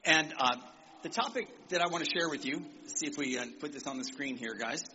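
Guy preaching to a youth crowd, high bright voice, kinda dull recording w faint hiss. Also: a little fast. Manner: animated, calls for amens, acts out quotes. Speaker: visiting preacher. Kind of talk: sermon to young people. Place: church service in Nigeria.

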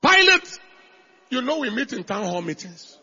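A male pastor preaches emphatically, swinging between shouted lines and quiet asides. His voice is very high and strongly raspy, with a tense, forceful edge. The recording sounds dull and lo-fi. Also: sing-song, moderate pace. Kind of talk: sermon.

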